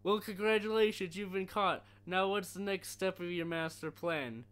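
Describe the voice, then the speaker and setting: A man voicing a pushy male CIA agent with a deliberately annoying, exaggerated voice in a comic film-scene recitation. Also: high-pitched, a bit bright, smooth, voice pushed up. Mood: bossy.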